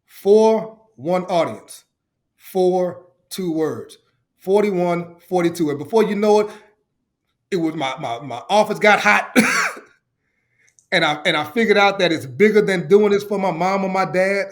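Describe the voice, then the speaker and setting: Guest spot: middle-aged man with a high, bright voice, storyteller who acts out quotes. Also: big pitch swings, normal speed. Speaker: podcast guest, ministry founder. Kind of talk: enthusiastic testimony.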